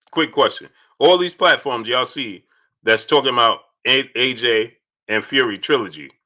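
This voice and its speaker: A man hosting a live boxing talk stream, greeting viewers by name and repeating himself as he goes. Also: medium pitch. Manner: repetitive, animated, shouts out chat viewers.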